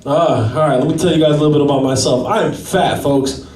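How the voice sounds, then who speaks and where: A man's voice: on the high side, fast, darkish tone. A man doing a self-deprecating stand-up set at an open mic, chatting with the crowd. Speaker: stand-up comedian. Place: small gallery venue at an open mic. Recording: echoey room from a distance.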